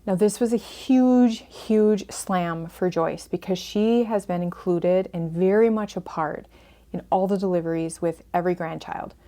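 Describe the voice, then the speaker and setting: A woman whose voice is fairly low, dark-toned, and a bit slow hosts a family estrangement podcast. In an earnest, caring counselor's manner, she walks listeners through a case story.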